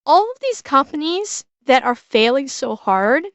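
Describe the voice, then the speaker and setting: A woman's voice: high voice, sing-song, measured pace, no room sound, muffled recording. A woman streamer giving blunt, profane, casual commentary while reacting to a video.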